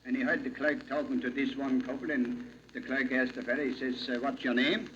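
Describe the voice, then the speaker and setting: A man's voice: medium pitch, steady tone, brisk, fairly bright tone, lo-fi sound, slight background noise, voice pushed down, lightly acted. Man doing a folksy Pennsylvania Dutch professor. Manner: folksy, rambling joke-telling in dialect. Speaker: comic monologue character. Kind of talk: vintage comedy routine.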